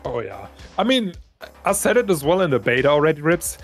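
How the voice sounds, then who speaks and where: A man co-commentating a fighting-game match live, breaking down plays with excitable analysis. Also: fairly quick. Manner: excitable analysis, jumps in pitch. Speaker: esports co-commentator. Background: game music.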